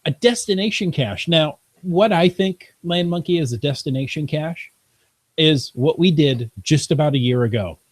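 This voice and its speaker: A man co-hosting a casual podcast, relaxed and joking as he leads the topic. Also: fairly high pitch, normal speed, no echo. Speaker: podcast co-host.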